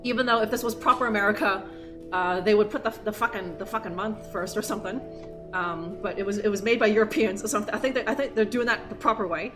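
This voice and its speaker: A woman's voice: medium pitch, fast. A young woman streaming a game live, rambling, swearing and interrupting herself as she plays. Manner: rambling, profane, self-interrupting. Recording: music playing behind voice.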